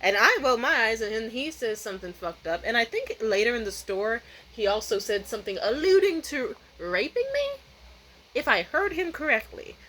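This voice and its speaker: A woman's voice: fairly high pitch, big pitch swings, moderate pace, bright, forceful tone, slight background noise, rough recording. A woman vlogger telling a rambling, profane, candid story in a casual way, often restarting her sentences.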